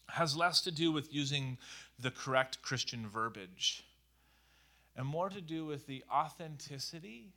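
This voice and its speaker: A man preaching a conversational sermon in a lively, animated way, full of casual fillers. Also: mid-range voice. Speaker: pastor.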